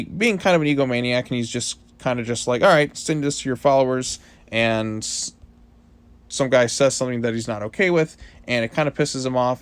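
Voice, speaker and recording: A man's voice: mid-range voice, clean tone. A man reviewing a comic book issue in a casual, rambling monologue full of fillers.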